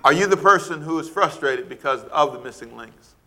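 A man preaches with a fairly high, bright, forceful voice. He swings from soft asides to loud, rising questions, laughs now and then, and acts out parents' scolding. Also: animated, a little fast. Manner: preaching with wide swings of pitch and loudness, rhetorical questions; laughs between points, acts out quoted scolding. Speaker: pastor. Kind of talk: sermon.

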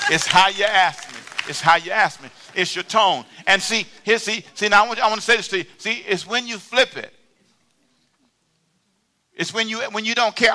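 Animated preaching man, bright voice. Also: high voice. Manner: animated, conversational preaching with call-and-response. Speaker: pastor. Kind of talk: sermon. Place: church sanctuary.

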